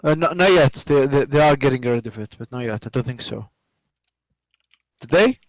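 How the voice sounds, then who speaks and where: A man developer chatting casually while coding, halting and repeating words, muttering to himself at times. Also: medium pitch, lively intonation, a little hiss or hum, low-quality recording. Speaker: game developer streaming.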